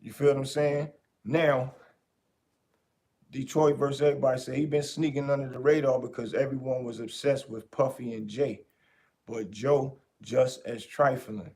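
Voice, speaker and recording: A podcast host talking in a casual, animated way, repeating his points for emphasis. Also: mid-range voice, normal speed. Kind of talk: casual commentary.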